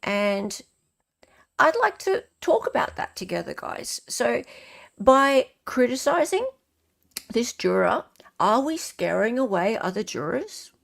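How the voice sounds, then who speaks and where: A woman's voice: fairly high pitch, sing-song, slow, gravelly, a bit bright. An Australian woman hosting a casual livestream chat, greeting viewers and reading their comments aloud. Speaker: livestream host.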